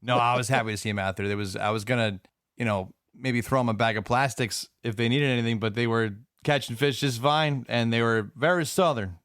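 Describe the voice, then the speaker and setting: A man's voice: medium pitch, fairly even intonation, a little fast, fairly bright tone, smooth, no echo. A man co-hosting a podcast, telling stories in a casual, easygoing way.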